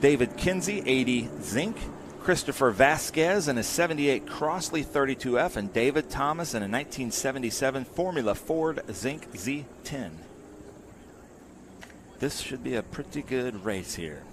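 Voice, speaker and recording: A man doing live motorsport commentary, chatty and excited, reading out greetings from viewers. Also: mid-range voice, normal speed. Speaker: race commentator. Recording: steady noise in background.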